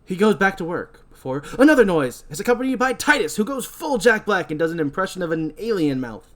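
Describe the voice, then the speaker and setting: Casual recap host, chatty and animated. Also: medium pitch, a little fast. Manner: chatty, filler-heavy, laughing. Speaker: podcast host.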